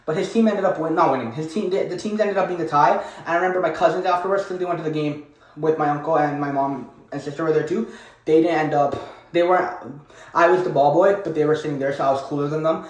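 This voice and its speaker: A man's voice: a little high, steady tone, quick pace. A young man telling a casual, rambling story, swearing freely as he goes. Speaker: vlogger. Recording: roomy echo.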